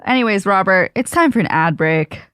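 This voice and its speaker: A woman's voice: medium pitch, lively intonation, brisk, fairly bright tone, clear, resonant tone, dry recording, studio quality. A woman co-hosting a comedic podcast, bluntly teasing the host.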